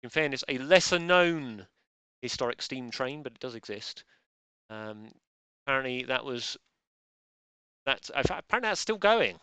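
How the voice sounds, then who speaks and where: A man's voice: mid-range voice, sharp tone, clear, resonant tone, dry recording. A man hosting a live online quiz, joking drily and rambling. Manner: dry, rambling, self-deprecating jokes. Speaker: quiz host.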